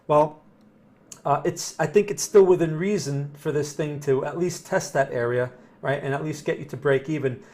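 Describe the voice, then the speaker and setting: A man's voice: a little high, darkish tone. A man hosting a casual live session, answering viewer questions while he reads trading charts aloud in a conversational, think-aloud way. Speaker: trading analyst host.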